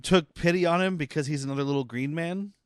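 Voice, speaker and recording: A man co-hosting a podcast, chatting casually about a film and telling animated stories with quoted asides. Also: a little high, quick pace, clean tone, dry recording, studio quality. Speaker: podcast co-host. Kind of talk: casual film review chat.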